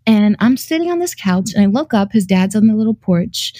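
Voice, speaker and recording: A young adult woman telling anecdotes in a casual chat, animated and giggly, peppering her speech with "like" and the odd swear word. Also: mid-range voice, fairly quick, no room sound. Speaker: guest storyteller.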